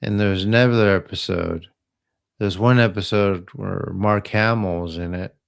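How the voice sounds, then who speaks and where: A man casually retelling old TV episodes in a slow, meandering way, trailing off into asides. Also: low voice, fairly even intonation, gravelly. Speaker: host of a live healing stream. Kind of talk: rambling casual storytelling.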